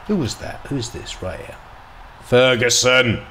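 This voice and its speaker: A man giving casual, excitable commentary while playing a football management game, dropping to mutters and jumping to loud outbursts. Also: medium pitch, a little slow, a little hiss or hum. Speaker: gaming video host.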